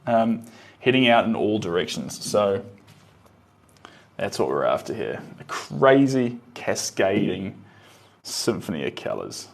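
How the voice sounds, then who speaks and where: A man's voice: on the low side, measured pace, gravelly, pauses often. Easygoing New man painting live. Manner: relaxed, musing, murmurs to himself while painting. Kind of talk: live painting stream with chat replies.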